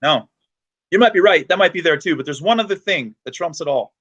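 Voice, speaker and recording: A man from the United States hosting a podcast, chatty and energetic, telling stories. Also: on the high side, brisk, breathy edge, muffled recording. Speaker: podcast host. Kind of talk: casual podcast chat.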